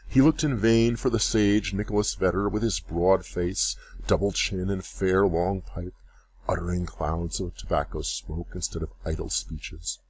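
Low-voiced man narrating a storybook. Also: breathy edge. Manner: measured, expressive reading. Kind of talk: graded-reader story narration.

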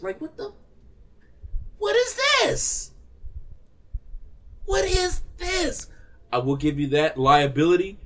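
A man's voice: on the high side, a bit bright, slightly rough. A man giving a heated, profane rant to camera about a music release, repeating himself for emphasis. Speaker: music reaction vlogger.

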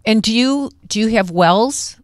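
A woman hosting a casual interview, eager and curious, reacting quickly to her guest. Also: fairly high pitch, expressive, dry recording, clean studio sound. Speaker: host.

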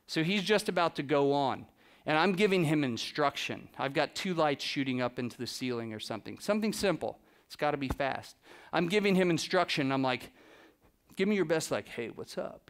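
A man giving a talk to an audience, telling lively anecdotes and acting out the dialogue with a laugh now and then. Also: fairly high pitch. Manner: animated anecdotes, acts out dialogue, laughs often. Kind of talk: storytelling presentation to a live audience.

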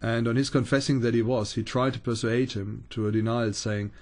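Man reading aloud, unhurried. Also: mid-range voice, fairly even intonation. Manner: unhurried reading with small stumbles and restarts. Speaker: Bible teacher. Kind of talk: reading an ancient account aloud.

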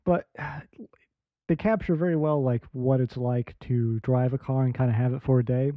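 A man's voice: medium pitch, moderate pace, dry recording. A man hosting a podcast, chatting casually in loose, filler-heavy talk. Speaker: podcast host. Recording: tinny phone-like line, dry.

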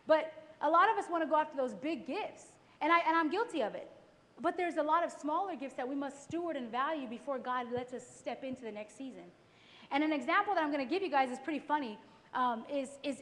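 A woman giving a testimony sermon at a church worship service, telling stories lively and acting out her own past thoughts. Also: high voice. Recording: echoey live church recording.

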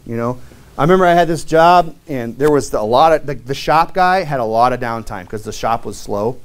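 In the church sanctuary, a middle-aged deacon with a mid-range voice preaches in an animated, slightly fast way. The sermon feels like conversation, built on anecdotes from past jobs and punctuated by frequent "right?" and "you know".

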